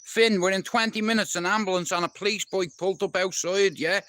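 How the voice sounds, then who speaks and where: A man's voice: sits high, steady tone, fairly quick, a bit bright. A man telling a personal story on a casual live stream, blunt and heavily profane, talking straight to a listener. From Dublin, Ireland.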